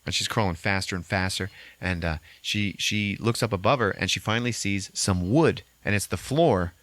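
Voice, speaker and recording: A man hosting a podcast, recapping a movie in a casual, animated way with constant swearing. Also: low-pitched, normal speed, no echo. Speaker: podcast host.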